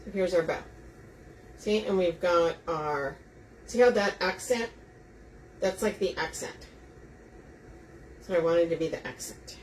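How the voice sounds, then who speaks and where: A woman hosts a live wreath-making demonstration, chatting with viewers and walking them through each step. Her voice sits on the low side, unhurried and pausing often, picked up by a distant mic with faint room noise.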